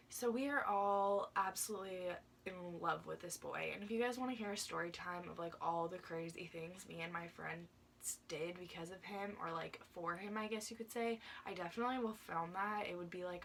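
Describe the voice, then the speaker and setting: A young woman chats through a personal story for her vlog, leaning on fillers and playing out old conversations. Her voice sits a little low but has a bright, forceful edge. She is slightly back from the mic, with a faint hiss behind her. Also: far from the mic. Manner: chatty, lots of "like" fillers, acts out her younger self. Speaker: vlogger.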